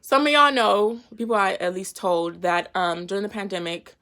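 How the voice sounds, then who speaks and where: A woman's voice: mid-range voice, moderate pace, sharp tone. A woman giving a casual, slangy Bible lesson to her viewers and retelling scripture in everyday talk. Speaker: faith vlogger teaching a Bible lesson.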